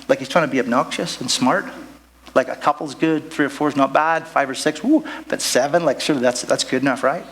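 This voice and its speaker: A man's voice: fairly high pitch, a little fast, fairly bright tone. A man preaching a sermon at a church service in a rambling, jokey way, full of asides, on a stage microphone. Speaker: pastor.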